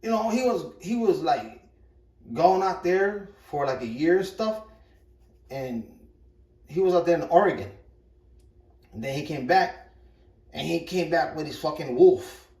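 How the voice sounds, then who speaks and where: A man's voice: a little high, lively intonation, a little slow, long pauses, dark tone. A middle-aged man telling a rambling, profane story in a casual way while he cooks in his kitchen. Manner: rambling, profane, repeats himself. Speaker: vlogger. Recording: echoey room, mic far off.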